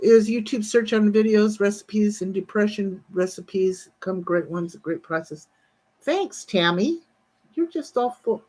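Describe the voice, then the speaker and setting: A woman's voice: mid-range voice, measured pace, darkish tone. A woman in her sixties on a casual livestream, telling a rambling, profane story and breaking off to greet viewers in the chat. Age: 60s.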